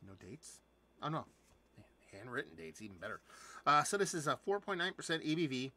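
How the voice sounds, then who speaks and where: A man talking in a bright, forward voice, rambling through a casual live unboxing chat. He is enthusiastic and curses freely, and he fills his talk with ums and restarts. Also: a little high, very animated, brisk, slight background noise. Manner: rambling and chatty, with many fillers and restarts. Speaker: beer reviewer and channel host.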